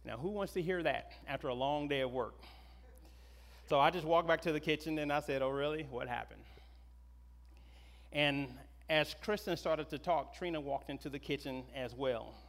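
A middle-aged man, a pastor, preaching a sermon in an animated, conversational storytelling way. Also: medium pitch, brisk. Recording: long reverb of a large hall.

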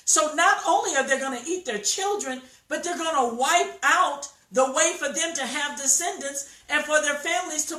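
A woman preaching a sermon, telling a story slowly and emphatically and acting out the quotes. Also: high voice, pushed and bright. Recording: echoey room, voice from far off mic.

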